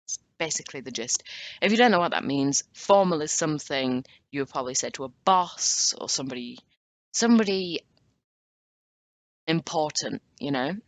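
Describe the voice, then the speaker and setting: Woman teacher, low voice, unhurried, repeats words for drills, dry close sound. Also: expressive, no echo. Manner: switches between French and English. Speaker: language teacher. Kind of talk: spoken language lesson.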